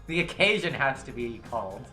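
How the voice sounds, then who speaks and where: Man, very lively pitch, bright voice, swears and laughs, casual podcast. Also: moderate pace, soft background music. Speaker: podcast co-host. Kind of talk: casual chat while playing a visual novel.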